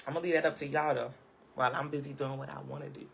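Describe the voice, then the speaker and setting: A woman's voice: low-pitched, steady tone, rapid-fire, vocal fry, a little hiss or hum. A woman vlogger chatting casually in a live stream from home. She sounds sassy and emphatic, often tagging her points with "okay?" and breaking into laughter. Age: adult, parent of a school-age child. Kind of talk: casual live-chat commentary.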